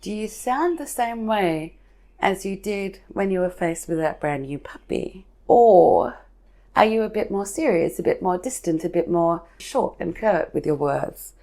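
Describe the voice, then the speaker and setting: A woman hosting a marketing podcast who explains ideas in a chatty, lively way and leans on everyday examples. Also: mid-range voice, measured pace. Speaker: podcast host from a marketing agency. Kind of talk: casual explanatory talk.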